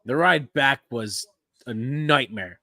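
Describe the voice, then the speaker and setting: A man hosts a casual live-stream chat, talking through whatever is on screen. He rambles and restarts his sentences, chuckling now and then, in a voice of ordinary pitch. His sound is dry and close, with no room around it. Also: expressive, takes it slowly, pushed and bright, no room sound. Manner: rambling, restarts and "yeah, no" fillers, easy chuckles. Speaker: podcast host.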